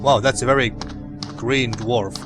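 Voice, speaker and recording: Homme commentant un jeu, pensée à voix haute. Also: male voice, mid-range voice, steady tone, a little slow. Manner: rambling, thinking aloud with restarts. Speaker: let's play host. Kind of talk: casual gameplay commentary. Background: game music.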